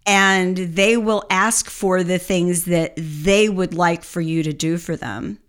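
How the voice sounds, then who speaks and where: Candid, animated woman consultant. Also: fairly low pitch, takes it slowly, smooth. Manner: candid, animated, laughs often. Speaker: podcast guest, consultant. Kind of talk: candid conversational interview.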